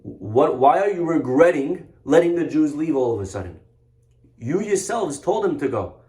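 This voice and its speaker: A man delivering a sermon as a rabbi, with a voice pitched a little high. He tells the story with mocking humor, sometimes slowing down and sometimes rushing ahead for effect. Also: lively intonation, darkish tone. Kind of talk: animated sermon.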